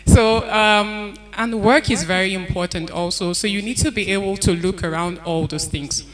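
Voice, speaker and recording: A woman's voice: medium pitch, moderate pace. A woman speaking on a conference panel, giving earnest advice and repeating her key points. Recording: event hall with crowd noise.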